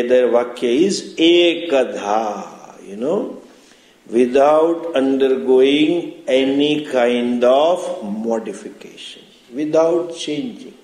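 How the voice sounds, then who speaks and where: A man's voice: medium pitch, a little mellow. A man teaching a class on scripture, explaining patiently with rhetorical questions and chanted Sanskrit terms. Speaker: spiritual teacher. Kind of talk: lecture on scripture. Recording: roomy classroom echo.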